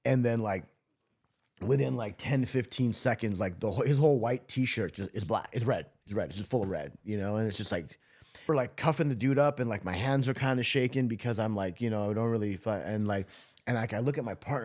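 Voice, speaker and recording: A former correctional officer from Southern California tells a story in a casual interview, talking loosely and profanely with plenty of filler words. His voice is fairly low and darkish, and he speaks briskly.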